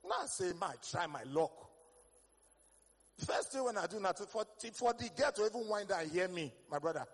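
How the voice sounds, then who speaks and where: Animated Nigerian man in a reverberant hall. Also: high voice, fast talker, breathy edge. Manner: animated storytelling with Pidgin English, bursts of shouting. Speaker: stand-up comedian. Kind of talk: stand-up comedy set.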